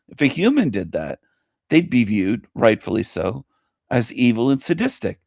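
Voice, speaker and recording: A man's voice: medium pitch, normal speed, vocal fry, no room sound, clean studio sound. Scornful man ranting over a video. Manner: scornful, mocking, animated ranting. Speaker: host. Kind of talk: commentary on a played video.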